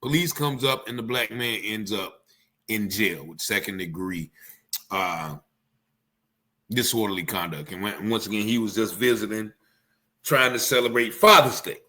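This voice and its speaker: A man giving casual commentary, animated and rambling, often acting out what people said. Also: lowish voice, normal speed. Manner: animated, rambling, acts out quotes.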